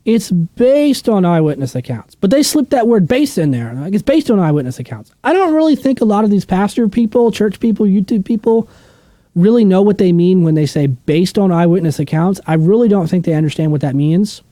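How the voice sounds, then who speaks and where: A man's voice: high voice, expressive, fairly quick, dark tone, no room sound. A man teaching a casual Bible study, blunt and opinionated, often asking questions and answering them himself.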